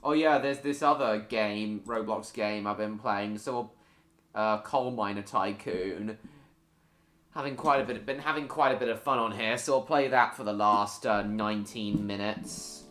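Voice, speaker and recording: Slow-talking man hosting a live stream. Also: lowish voice, a bit bright. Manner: playful, chatting with viewers. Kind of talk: casual chat while gaming.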